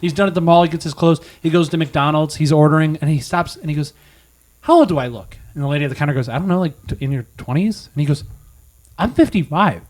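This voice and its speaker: A man with a slightly high voice tells a joke in an animated, storytelling way. He jumps his pitch up when he acts out the characters' lines. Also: quick pace. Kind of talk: casual chat, telling a dirty joke.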